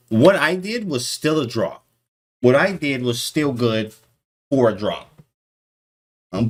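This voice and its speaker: A man with a medium-pitched voice goes over his own chess game in a casual, excitable way. He's full of slang, repeats phrases and breaks into sudden exclamations.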